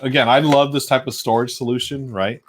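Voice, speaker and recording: A man's voice: medium pitch, steady tone, a little fast, noisy background. A man hosting a casual live stream, chatting enthusiastically to viewers while unboxing a board game and snacking, with plenty of fillers as he thinks aloud. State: munching snacks while talking. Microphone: desk microphone on a live stream.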